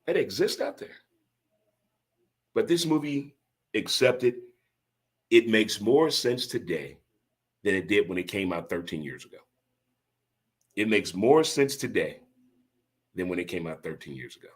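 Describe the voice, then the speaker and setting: A man's voice: sits low, big pitch swings, moderate pace, pauses often, husky. A man hosting his own podcast, riffing in a folksy, catchphrase-heavy way and talking straight to his listeners. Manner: folksy, repeats catchphrases, addresses listeners directly. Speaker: podcast host. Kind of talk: casual talk show monologue.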